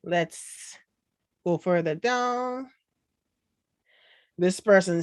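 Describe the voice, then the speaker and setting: A woman's voice: fairly high pitch, sing-song, very slow, long pauses, a little mellow, no echo. A Jamaican woman with a light accent, casually chatting and reading viewer comments in a sarcastic, laughing way. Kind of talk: casual chat.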